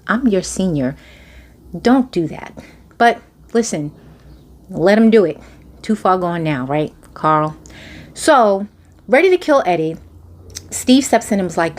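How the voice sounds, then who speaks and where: A woman's voice: medium pitch, expressive, unhurried, pauses often. A woman hosting a podcast, ranting through a casual episode recap in a sarcastic, incredulous way. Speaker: podcast host. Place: home near a train line.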